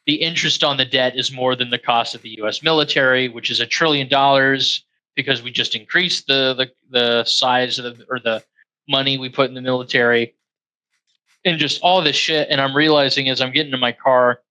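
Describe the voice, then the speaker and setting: A man's voice: medium pitch, steady tone, brisk, bright, forceful tone, poor audio. A man co-hosting a podcast, telling a rambling, profane story in casual chat. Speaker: podcast co-host.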